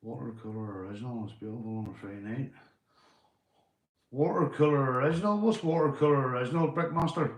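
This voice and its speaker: A man's voice: medium pitch, brisk. Chatty Northern Irish man, echoey room. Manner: chatty and swearing, giving shout-outs to viewers. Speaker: live streamer. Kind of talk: casual live-stream chat. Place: indoors at home.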